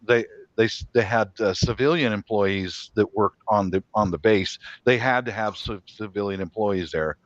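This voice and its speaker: A man's voice: fairly low pitch, moderate pace, few pauses, dry recording. A middle-aged man chatting casually as host, telling a story with chuckles and restarts. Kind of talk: casual chat. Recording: dull lo-fi sound.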